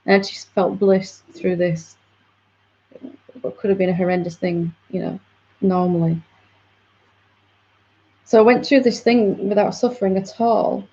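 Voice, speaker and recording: A woman's voice: medium pitch, steady tone, measured pace, long pauses, warm tone. A woman spiritual teacher patiently explaining to a student in a reflective satsang dialogue. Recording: dull lo-fi audio.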